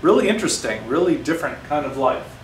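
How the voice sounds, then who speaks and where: Male science teacher, casual and jokey, roomy sound from a distant mic, slightly raised pitch. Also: big pitch swings, fast, a little hiss or hum. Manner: chatty, joking asides to students. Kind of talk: casual classroom lesson.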